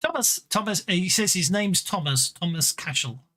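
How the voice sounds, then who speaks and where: Bright male game master, halting and amused, fairly high voice, narrating a tabletop game. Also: expressive. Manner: halting, self-interrupting, amused.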